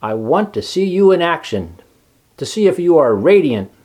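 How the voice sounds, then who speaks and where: A man voicing a kind, wise female barn spider who talks gently but firmly, coaxing the others along. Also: a little high, sing-song, normal speed, pitched above the performer's own voice.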